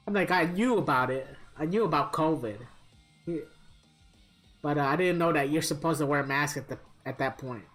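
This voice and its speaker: A man's voice: fairly high pitch, moderate pace, pauses often, fairly bright tone, soft background music. A man live-streaming a fighting game, chatting casually with viewers in a rambling, profane storytelling manner.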